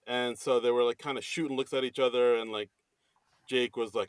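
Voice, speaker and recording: A man co-hosting a podcast in casual chat, animated and quick to laugh. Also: medium pitch, clean tone, dry recording. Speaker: podcast co-host.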